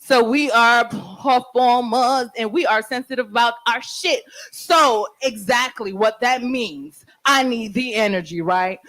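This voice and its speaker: A woman's voice: on the high side, moderate pace, a bit bright, poor audio. A woman hosts a live open mic from a venue stage, speaking into a handheld mic. Her delivery is brash and playful, full of teasing and crowd-hyping. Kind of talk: live event hosting.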